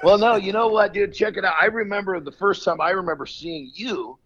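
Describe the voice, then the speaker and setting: A man's voice: high voice, a little fast, a bit bright. A man hosting a casual, profane chat, blunt and boastful, cursing in nearly every line. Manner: swears constantly, blunt and boastful. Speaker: podcast host. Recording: dull lo-fi sound.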